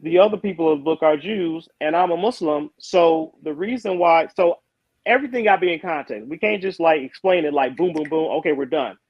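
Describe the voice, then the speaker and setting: A man's voice: a little high, fairly quick, no echo. A Muslim man in a casual debate, talking loosely and repeating his words as he explains. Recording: dull lo-fi call audio.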